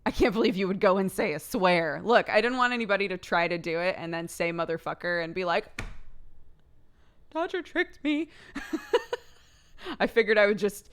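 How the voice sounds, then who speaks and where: A woman's voice: fairly low pitch, fairly quick, clear, resonant tone. A woman streamer chatting casually and playfully on a livestream, laughing often as she tries out tongue twisters.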